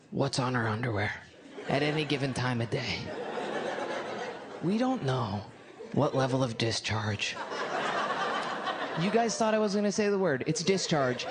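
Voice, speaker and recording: A woman comedian doing a stand-up routine on a club stage, telling a crude story in a rambling, self-interrupting way. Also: on the low side. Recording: live club recording with audience noise.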